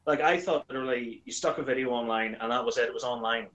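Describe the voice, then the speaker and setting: A man in casual conversation, telling his stories with lots of energy. He slips into a higher voice to act out the lines of the people he quotes. His voice sits in an ordinary middle pitch. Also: fast, poor audio. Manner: animated storyteller, acts out quoted lines in a higher voice. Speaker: YouTuber guest. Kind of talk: casual chat.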